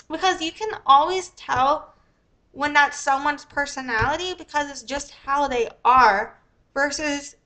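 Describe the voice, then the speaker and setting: A woman with a high, bright voice talks through her thoughts in a loose commentary monologue. She rambles and restarts often, leaning on fillers as she goes. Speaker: host.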